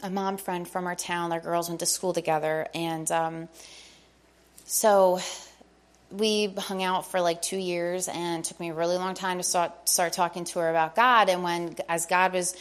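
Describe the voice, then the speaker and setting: A woman's voice: on the low side, flat delivery, moderate pace. A middle-aged woman telling a personal faith testimony to a congregation, eager and storytelling, acting out the dialogue she recounts. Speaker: church member sharing testimony.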